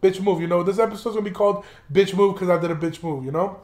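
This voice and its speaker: High-voiced young man telling stories in an echoey room. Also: racing, a little mellow. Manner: profane, rambling, laughs while telling. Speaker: podcast host. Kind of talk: casual storytelling monologue.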